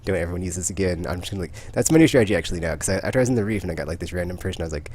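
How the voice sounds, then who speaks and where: Host, male, very low voice, fast and rambling, faint ambience behind. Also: animated, darkish tone, a little hiss or hum. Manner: rambling, filler-heavy storytelling. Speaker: podcast host. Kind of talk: casual gaming chat.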